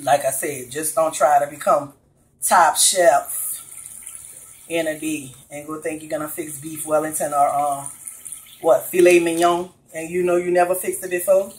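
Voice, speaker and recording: A woman's voice: sits low, normal speed, pauses often, low-quality recording. A woman with a New Orleans accent, talking through a recipe in her home kitchen and chatting directly with her viewers. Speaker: cooking vlogger. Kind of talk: casual cooking video.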